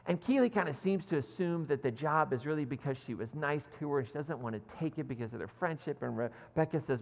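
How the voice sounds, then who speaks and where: A male pastor giving a sermon as animated storytelling, with self-deprecating asides. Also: fairly high pitch, quick pace, gravelly, hardly any pauses. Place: church sanctuary. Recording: long hall reverb.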